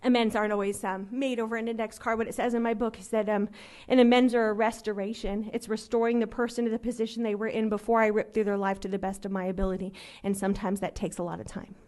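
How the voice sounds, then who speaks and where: A woman from Los Angeles in her thirties, telling her personal recovery story to a meeting in an earnest, conversational way, with many fillers and quick voicings of the people in her story. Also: medium pitch, little pitch movement, darkish tone. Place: meeting room.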